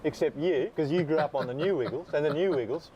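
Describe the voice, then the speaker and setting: An actor playing a crude, sweary bottle shop owner with an Australian accent and a deadpan manner. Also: male voice, on the high side, quick pace, lo-fi sound, a loud crowd, lightly acted. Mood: brash.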